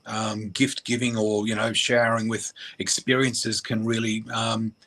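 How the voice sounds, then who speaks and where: A middle-aged man from Australia, a radio guest, telling a personal story in a halting, emotional way with many fillers. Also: fairly low pitch, flat delivery, a bit bright.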